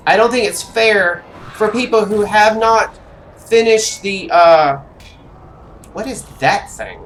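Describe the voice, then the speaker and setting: A streamer giving live commentary on an online role-playing game, grumbling and talking to themselves with quick reactions. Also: mid-range voice, a bit bright, a little hiss or hum.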